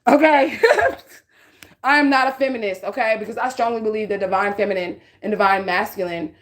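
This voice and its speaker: A woman giving a casual spiritual reading, talking bluntly with lots of swearing and a repeated "okay?" to her listeners. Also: fairly low pitch. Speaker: psychic reader.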